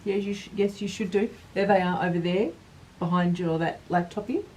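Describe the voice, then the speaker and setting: A woman's voice: on the low side, fairly even intonation, moderate pace, a little mellow. A woman co-hosting a casual stitching livestream, chipping in with dry, teasing asides. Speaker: co-host. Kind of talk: casual craft livestream chat. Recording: distant mic with faint room noise.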